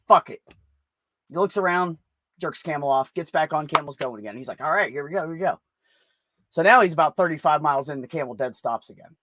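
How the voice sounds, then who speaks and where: A man's voice: a little high, a bit bright, no room sound. A man telling a long crude joke in a rambling, profane way at an open mic, laughing at his own punchlines.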